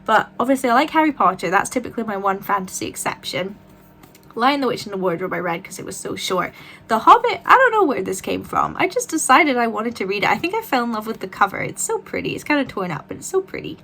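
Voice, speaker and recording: A young woman vlogging casual book reviews, chatty and animated, rambling with fillers and quick self-corrections. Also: medium pitch, vocal fry.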